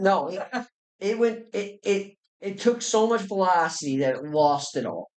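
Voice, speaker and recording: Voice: mid-range voice, expressive, normal speed, rough recording. Casual tabletop game master narrating. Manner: casual, loose narration with restarts and sound effects.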